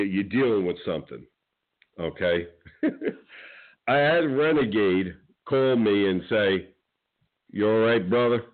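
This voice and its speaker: A man who promotes wrestling shows, ranting heatedly on a radio show and repeating "okay?" often. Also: fairly low pitch. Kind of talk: animated radio show rant. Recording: tinny phone line.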